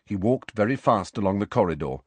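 A man narrating an audiobook in an expressive storytelling manner. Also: on the low side, brisk, husky, no room sound. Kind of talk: scripted narration.

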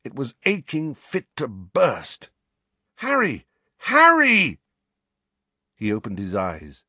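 A man reading a novel aloud as an audiobook narrator, with dramatic, expressive storytelling. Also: on the low side, unhurried, slightly rough, no echo. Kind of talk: scripted narration.

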